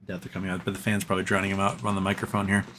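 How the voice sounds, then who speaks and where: A man hosting a casual live stream, rambling with lots of fillers and a tired, throat-clearing voice, in a room at home. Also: low voice, completely flat delivery, racing, fairly bright tone, a little hiss or hum. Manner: rambling, trails off, many fillers. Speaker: livestream host. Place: home room with a fan running.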